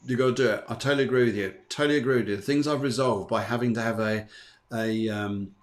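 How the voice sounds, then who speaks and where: A man's voice: medium pitch, steady tone, fast talker. A man hosts a spiritual chat show in a mid-range voice. He talks eagerly, laughs a lot and drops into quoted voices as he riffs. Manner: enthusiastic, laughs often, acts out quoted voices. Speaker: host of a spiritual and astrology show. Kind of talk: casual chat.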